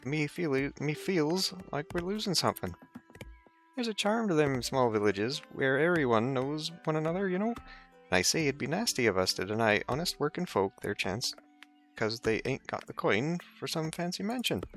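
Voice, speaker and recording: A cheerful rustic peasant speaks in a bouncy, raised voice with a broad folksy dialect, as a man puts him on. He chatters with lively ups and downs, and soft music plays behind him. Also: fairly high pitch, normal speed, voice pushed up. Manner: folksy dropped-word dialect, exaggerated.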